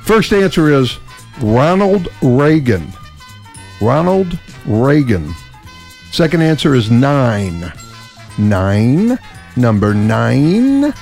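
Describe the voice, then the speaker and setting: A male radio host from chats in a slow, gravelly voice that swings widely in pitch. He laughs easily and brags with a grin. Faint music sits under him. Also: big pitch swings, a little mellow. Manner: laughs often, boastful and playful. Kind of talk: casual radio chat.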